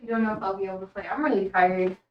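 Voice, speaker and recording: A woman's voice: mid-range voice, fairly even intonation, racing, distant mic, dull audio. A young woman livestreaming, chatting casually with viewers, rambling with lots of fillers and frequent laughter.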